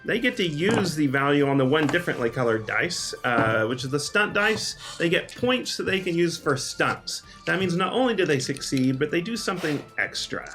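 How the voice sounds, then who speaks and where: A man as game master, explaining the rules in a relaxed way with lots of ums and uhs. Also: fairly high pitch, normal speed, few pauses, faint music behind. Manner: relaxed, full of um and uh.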